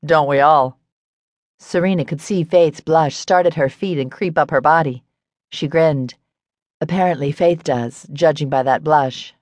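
A woman narrating a romance audiobook in an even, steady storytelling manner. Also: sits low, normal speed, no room sound. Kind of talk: scripted narration.

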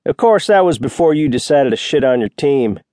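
A man's voice: medium pitch, lively intonation, brisk, dark tone, dry recording, clean studio sound, pitched above the performer's own voice, lightly acted. A male narrator voicing a sneering, arrogant former SWAT teammate who drawls mockingly.

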